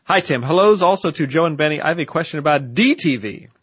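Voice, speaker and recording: A man co-hosting a podcast, reading out listener emails and cracking dry jokes. His voice is husky and a bit high with animated pitch, recorded dry and close to the mic. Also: fast, dry recording. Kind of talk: casual chat.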